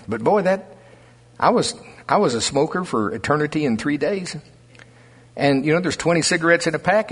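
Older male pastor, folksy and animated, husky voice, long reverb of a large hall. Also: fairly high pitch. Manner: folksy, animated storytelling preacher. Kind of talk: sermon.

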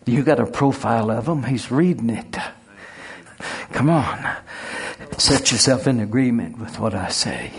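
A man's voice: mid-range voice, animated, unhurried, pauses often, slightly rough. A middle-aged man preaching a sermon and leading a spoken prayer, folksy and conversational, rising into fervent emphasis.

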